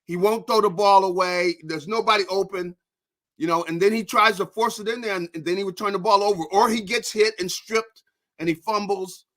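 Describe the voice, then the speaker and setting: A man's voice: high voice, steady tone, brisk, a bit bright. A man speaking as a guest football analyst in a casual, rambling way with many restarts. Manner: rambling, lots of restarts and "you know". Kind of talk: casual sports talk.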